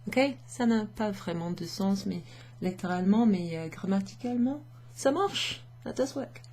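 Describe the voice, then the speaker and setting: Speaking at a normal speed in a mellow, medium-pitched voice, a young woman gives an informal French lesson from her home desk. She chats casually, mixes English with French, and laughs often, and her home office has a standing desk.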